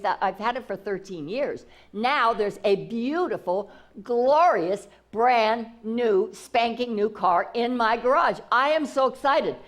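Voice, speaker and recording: A woman spiritual teacher giving an enthusiastic inspirational talk, repeating herself and restarting phrases often. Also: on the high side.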